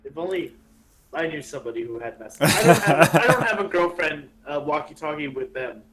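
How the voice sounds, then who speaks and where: Teasing, joking tabletop player. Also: male voice, on the high side, animated, a little fast, fairly bright tone, rough recording. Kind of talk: casual joking chat over voice chat.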